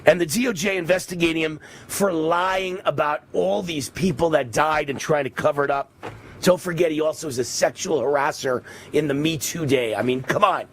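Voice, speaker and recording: A man from New York hosting a live political commentary show, ranting with loud emphatic delivery. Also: fairly high pitch, normal speed, a little hiss or hum. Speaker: show host.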